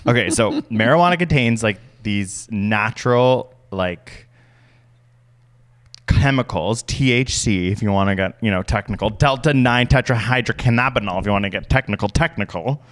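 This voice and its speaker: Guy co-hosting a podcast, low voice, lively storyteller. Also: normal speed. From Canada. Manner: animated storyteller, acts out quoted voices. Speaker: podcast co-host. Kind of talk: casual chat.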